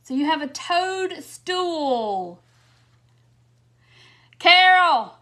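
A woman's voice: very high-pitched, sing-song, drawn-out words, sharp tone. Giggly woman hosting a craft livestream. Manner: giggly, laughing often while chatting to viewers. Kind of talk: casual craft demo livestream. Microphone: phone or webcam on a live stream.

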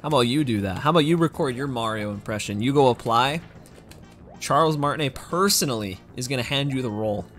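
A young man narrates his speedrun in a casual, jokey way, poking fun at himself and bantering with chat. His middle-pitched voice swings widely, and soft game music plays underneath. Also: expressive, quick pace. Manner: jokey, self-deprecating, chatty with viewers. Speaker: speedrunner streamer. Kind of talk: casual live-stream commentary.

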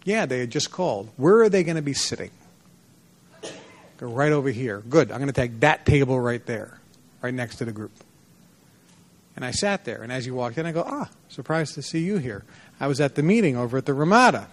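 A man with a mid-range voice, talking a little fast, gives a motivational seminar lecture to a live audience. He's an animated storyteller, sharing personal stories and acting out their dialogue in a lively voice.

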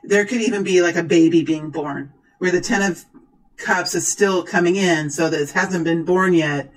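Excitable tarot reader calling out cards. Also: medium pitch, moderate pace, poor audio. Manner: excitable, exclaims and gushes. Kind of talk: tarot reading to camera.

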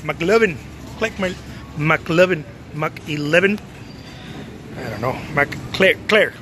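High-voiced laid-back painter rambling. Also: male voice, animated, slow pace, sharp tone, a little hiss or hum. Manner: rambling and laid-back, swears, calls viewers man and dude. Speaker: painter and art studio owner. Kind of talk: casual live video chat. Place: grocery store.

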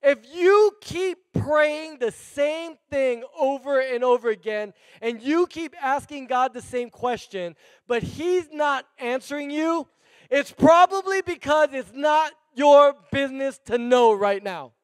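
A male pastor preaching a sermon in a church, animated and conversational, calling out to the congregation. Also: very high voice, takes it slowly, no echo, clean studio sound.

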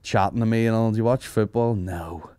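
Low-voiced guy rambling sweary gig stories on a podcast, laughs a lot, bone dry mic. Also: a little fast, warm tone, clean tone, no echo. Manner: sweary, laughing, mimics other people's voices. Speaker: comedian podcast host. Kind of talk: casual storytelling chat.

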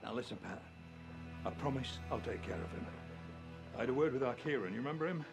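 An actor playing a preachy, born-again rig worker with a Scottish accent, soothing others and making promises. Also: male voice, medium pitch, lively intonation, fast talker, gravelly, music in the background. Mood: placating.

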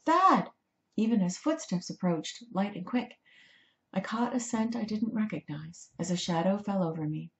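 Low-voiced woman reading a story aloud. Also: a little mellow, roomy sound, muffled recording. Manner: measured, dramatic storytelling. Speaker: author reading her book. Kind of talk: audiobook narration.

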